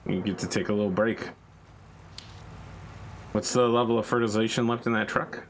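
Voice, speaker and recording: A man's voice: fairly low pitch, fairly even intonation, normal speed, a little hiss or hum, low-quality recording. A man hosting a game stream, chatting casually in a joking, rambling way. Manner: joking, rambling banter with restarts. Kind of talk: casual gaming chat.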